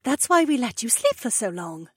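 A man voicing a calm, caring young woman who speaks in a measured, reassuring way. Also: very high-pitched, slightly rough, no room sound, studio quality, pitched above the performer's own voice, heavily acted.

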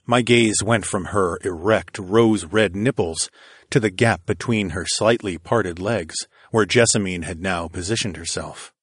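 Deep, husky male audiobook narrator. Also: dry recording, studio quality. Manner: slow, intimate, steady storytelling. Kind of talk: first-person erotic audiobook narration.

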